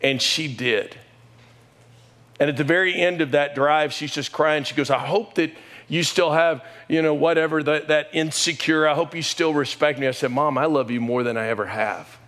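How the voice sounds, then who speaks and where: A man's voice: normal speed, a bit bright. A middle-aged man preaching a sermon, telling an emotional family story and lifting his voice when he quotes people. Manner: storytelling, emotional, rises in pitch and volume when quoting. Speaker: pastor.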